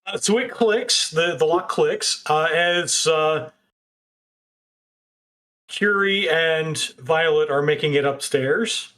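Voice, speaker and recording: A man's voice: on the high side, slow pace, a bit bright. A man running a tabletop role-playing game, narrating scenes and explaining rules. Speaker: game master.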